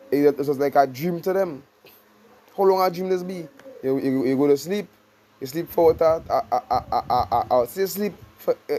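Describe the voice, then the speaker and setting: A man giving an informal scripture study sermon, reading verses slowly, then explaining in loose, repeated phrases. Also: fairly high pitch, warm tone, poor audio. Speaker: scripture teacher.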